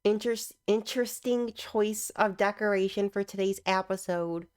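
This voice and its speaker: A woman's voice: mid-range voice, moderate pace, smooth. Sarcastic young woman reacting to clips. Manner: teasing, sarcastic, laughs often. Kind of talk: casual reaction commentary.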